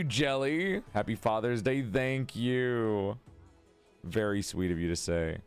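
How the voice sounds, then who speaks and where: A man streaming a video game in casual chat, excitable and gushing, sounding a little sleepy. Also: takes it slowly, clean tone, soft background music. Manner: excitable, gushing, swings into high squeals. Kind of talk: casual gaming livestream chat.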